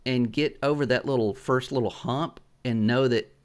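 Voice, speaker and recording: Middle-aged guy on a gaming podcast, rambles and swears, stops and restarts a lot, mid pitch. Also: fairly even intonation, smooth. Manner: rambling, profane storyteller; halting restarts and fillers. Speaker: podcast host. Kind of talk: casual gaming podcast chat.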